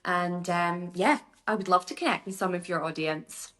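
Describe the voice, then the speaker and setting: A Scottish woman speaks as a podcast guest with a somewhat low-pitched voice. Her talk is chatty and rambling but upbeat, running from one thought to the next. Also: normal speed, fairly bright tone. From Scotland. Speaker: guest, beauty business founder. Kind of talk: casual podcast interview.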